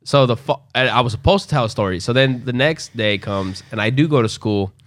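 A man's voice: medium pitch, fairly quick, no echo, clean studio sound. Young man telling a loose, profane story. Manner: loose, profane, animated storytelling with acted quotes. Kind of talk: casual storytelling chat.

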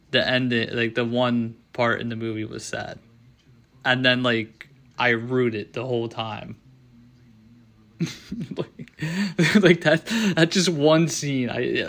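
A young man hosting a casual solo talk show, rambling and halting with many restarts, choked up and near tears. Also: mid-range voice, fairly bright tone. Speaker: show host.

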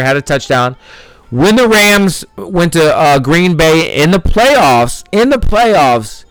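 A man's voice: fairly high pitch, fairly bright tone, dry recording, low-quality recording. A man hosting a fantasy football podcast, talking brashly and emphatically, repeating himself and swearing. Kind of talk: podcast monologue.

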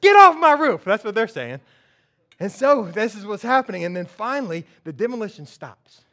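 Animated high-voiced male preacher. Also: moderate pace. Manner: animated storytelling, acts out characters. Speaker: pastor. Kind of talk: sermon.

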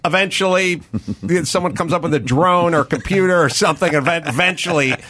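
A man in his fifties or older, hosting a casual studio talk show, telling stories in a rambling, animated way with many restarts. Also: fairly high pitch, fairly quick, a little hiss or hum. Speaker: podcast host. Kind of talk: casual chat.

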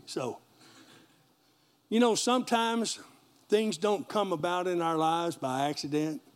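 A man pastor, preaching a sermon in a folksy call-and-response manner and joking with the congregation. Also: on the high side.

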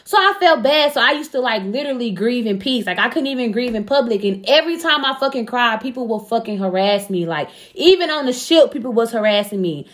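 A young woman with a fairly high voice chats casually as a show co-host. She tells a personal story bluntly and profanely and acts out the quoted back-and-forth with lively energy. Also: fairly quick, hardly any pauses. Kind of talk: casual chat.

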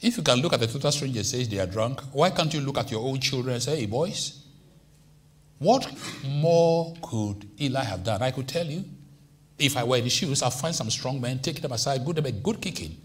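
Animated pastor preaching. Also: male voice, medium pitch, fairly quick. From Nigeria. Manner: animated preaching with sudden swings from hushed to loud. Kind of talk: sermon.

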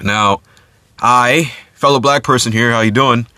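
A man's voice: mid-range voice, unhurried, pushed and bright, no room sound. A man hosting his own podcast alone, talking casually with lots of fillers and restarts. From United States. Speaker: podcast host. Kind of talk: solo podcast commentary.

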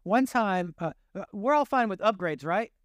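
A man with a high, smooth, resonant voice preaches a sermon, recorded close and dry. He tells stories with self-deprecating humor and acts out little conversations, speeding up and slowing down as he goes. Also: no room sound. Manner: animated, shifting pace. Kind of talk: storytelling sermon.

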